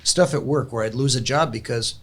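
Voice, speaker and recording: A man's voice: medium pitch, a little fast, fairly bright tone, slightly rough. A man, older in years, earnestly sharing a personal faith story in casual chat, with frequent restarts. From California.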